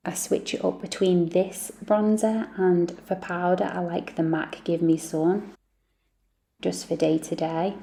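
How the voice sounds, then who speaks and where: A woman chats through her everyday makeup routine like she's talking to a friend, poking fun at herself as she goes. Her voice sits low with a gravelly edge, and the tone is mellow and dark rather than bright. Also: flat delivery, measured pace. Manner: chatty and self-deprecating. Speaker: beauty vlogger, mum. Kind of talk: makeup tutorial chat.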